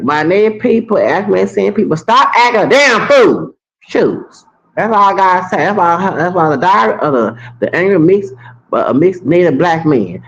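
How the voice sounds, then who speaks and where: A man's voice: on the high side, creaky, muffled recording. A man in his late forties ranting to his viewers in a heated, rambling monologue, swearing and restarting his sentences. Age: 40s. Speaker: vlogger.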